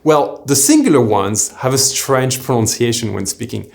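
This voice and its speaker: A man teaching a recorded beginner French lesson, speaking clearly and slowing down to pronounce example phrases. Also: mid-range voice, expressive, darkish tone.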